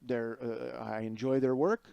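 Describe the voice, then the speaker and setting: A man's voice: mid-range voice, level tone, measured pace, vocal fry, clear, resonant tone, dull audio. A man hosting a podcast, riffing in a rambling, sarcastic comic monologue full of restarts and asides. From Chicago area. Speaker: podcast host. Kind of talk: casual comedic monologue.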